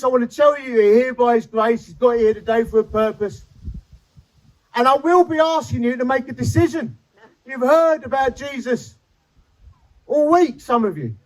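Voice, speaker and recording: A man's voice: extremely high pitch, low-quality recording. A man, preaching a sermon and telling his conversion story with feeling and humor. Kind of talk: sermon testimony. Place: chapel.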